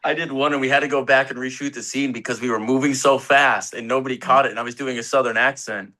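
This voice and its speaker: A young actor, appearing as an interview guest, speaks fast in a mid-range, bright, forceful voice with fairly even intonation. He's laid-back and rambling as he tells set stories, laughing often and swearing casually.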